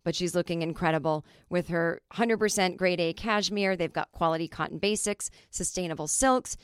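A middle-aged woman hosting a podcast, telling stories in a chatty, animated way with lots of fillers. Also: on the low side, normal speed, smooth, no room sound, clean studio sound. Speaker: podcast host. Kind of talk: casual comedic monologue.

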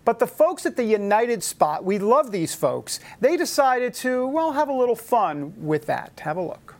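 A man's voice: extremely high pitch, very animated, unhurried. A man hosting a casual talk show, joking and teasing in an incredulous tone. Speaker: host. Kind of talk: casual chat.

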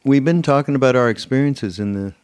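A man's voice: mid-range voice, brisk, a little mellow, clear, resonant tone, no room sound. A man co-hosting a casual chat, talking hesitantly with many fillers. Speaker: co-host.

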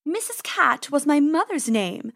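Woman doing a slow, purring villain cat. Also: high-pitched, very animated, vocal fry, fairly bright tone, no echo, clean studio sound, voice pushed up, exaggerated voice. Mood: haughty. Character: sly, purring female cat, menacing and grand.

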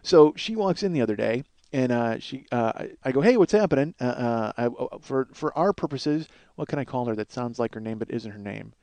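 A man's voice: medium pitch, animated, brisk, creaky, few pauses, darkish tone, dry recording. A middle-aged man telling a rambling, self-mocking comic story as a podcast host. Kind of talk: casual comedic monologue.

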